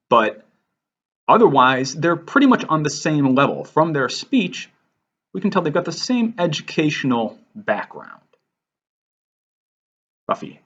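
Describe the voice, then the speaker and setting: A man's voice: medium pitch, a bit bright, highs cut off. Casual man teaching a writing lesson. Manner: casual, self-deprecating asides. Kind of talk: lesson over slides.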